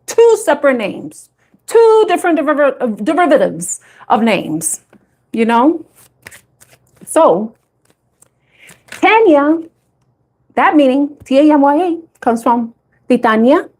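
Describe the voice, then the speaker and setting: A woman tarot reader chatting casually to her viewers, animated and laughing often, with frequent swearing. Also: on the high side. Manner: animated storytelling.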